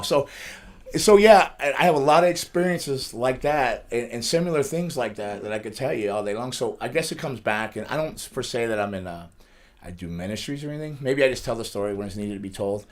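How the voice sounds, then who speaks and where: A man's voice: mid-range voice, expressive, fairly quick. A middle-aged man, a wrestler, telling rambling life stories in a studio interview and laughing through them. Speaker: wrestler guest. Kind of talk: casual storytelling interview.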